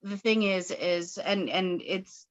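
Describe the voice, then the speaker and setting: A woman's voice: medium pitch, steady tone, slow pace, muffled recording. A Canadian woman in her thirties giving a rambling, giggly spiritual reading on a video call. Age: 30s. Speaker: guest channeler. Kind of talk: casual spiritual reading on a webinar.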